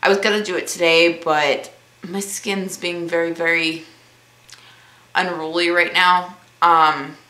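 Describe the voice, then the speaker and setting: Young female vlogger, bright and tense tone, casual and awkward, roomy echo. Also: on the low side, fairly even intonation, a little slow. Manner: self-described awkward, rambling, laughs easily. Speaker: vlogger answering viewer questions. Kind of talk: casual Q&A vlog.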